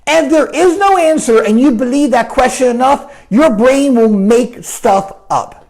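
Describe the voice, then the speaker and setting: A man's voice: very high-pitched, unhurried, vocal fry. A man giving a casual coaching talk and answering viewer comments, often tagging his points with "right?". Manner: animated, keeps asking "right?", acts out quoted voices. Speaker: life coach.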